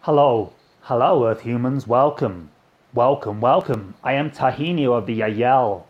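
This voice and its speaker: A man's voice: medium pitch, measured pace, lo-fi sound, close to an everyday voice. A man channeling an alien messenger named Tahini, with an odd put-on foreign-sounding accent, mispronounced words and rambling repetitive cosmic phrases. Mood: solemn. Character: solemn alien messenger Tahini, male, grandiose. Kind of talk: channeling session.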